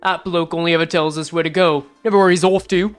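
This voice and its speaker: A woman voicing a gruff, brash young man in a put-on British-Scottish accent, blunt and slangy. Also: fairly low pitch, fairly even intonation, fast talker, soft background music, natural voice. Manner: blunt, slangy, calls people love and bloke.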